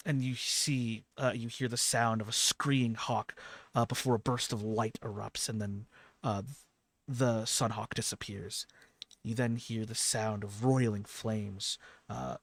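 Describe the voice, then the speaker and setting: A man narrating a tabletop game in a low, gravelly voice. He talks slowly and haltingly, with many fillers. The sound is dry and close. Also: steady tone, fairly bright tone, dry recording. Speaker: game master.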